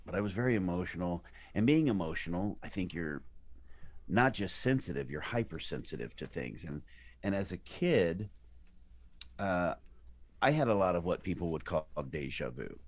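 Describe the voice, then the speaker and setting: A man's voice: low-pitched, normal speed. A man, an actor being interviewed, chatting casually and animatedly about his work. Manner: animated, slips into character voices. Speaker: actor guest.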